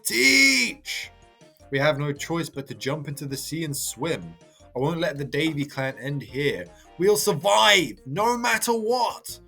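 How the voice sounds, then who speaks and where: A man's voice: on the high side, very animated, slow pace, gravelly, sharp tone, faint music behind, voice pushed up, full character voice. A man reading a manga aloud, voicing a pirate's wife who screams pleading words to her husband and son. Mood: desperate.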